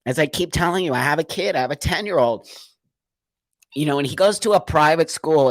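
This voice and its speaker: A man's voice: mid-range voice, no echo. A man hosting a livestream, talking in an earnest, emotional monologue full of repeated rhetorical questions. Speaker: livestream host.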